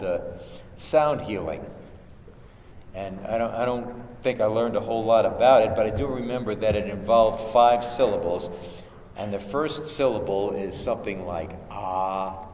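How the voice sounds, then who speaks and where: A man leading a contemplative prayer workshop, giving gentle instructions with hesitant restarts and chanting syllables. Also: fairly low pitch. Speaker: meditation teacher. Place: large chapel with long reverb. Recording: echoey chapel recording, faint hiss.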